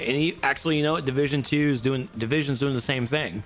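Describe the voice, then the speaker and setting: A man co-hosting a casual gaming talk show, jokey and animated, laughing a lot. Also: mid-range voice, quick pace, soft background music. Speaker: podcast co-host.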